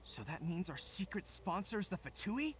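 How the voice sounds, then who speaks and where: A man's voice: high-pitched, big pitch swings, moderate pace, noisy background. An actor playing a dutiful young male general in a video game, reporting earnestly. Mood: serious.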